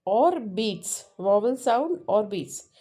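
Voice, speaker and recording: A woman with an Indian English accent teaching a lesson, explaining patiently and repeating words slowly, sometimes switching into Hindi. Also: medium pitch, expressive, dark tone, husky. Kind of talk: classroom lesson.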